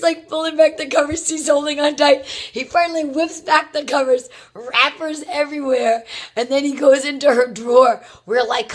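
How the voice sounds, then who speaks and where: High-voiced New woman telling a story. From Brooklyn, New York. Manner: chatty, rambling, lots of "like" and "you know". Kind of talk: casual personal storytelling.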